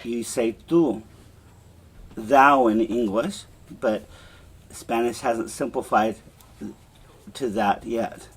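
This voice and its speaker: A man teaching a Spanish class, slowly repeating verb forms for students to echo. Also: medium pitch, slightly rough. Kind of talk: classroom lesson with drills.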